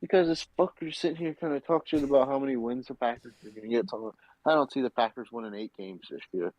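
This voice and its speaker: A man's voice: medium pitch, fast talker, a little mellow, dry recording, lo-fi sound. A man co-hosting a sports podcast who rants heatedly, with heavy swearing. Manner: heated, profane ranting. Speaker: podcast co-host. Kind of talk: casual sports chat.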